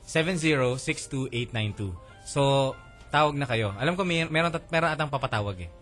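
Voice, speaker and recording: A man's voice: mid-range voice, expressive, a little fast, fairly bright tone. Filipino man DJing over radio music. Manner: chatty, mixes English and Tagalog. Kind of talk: casual radio banter.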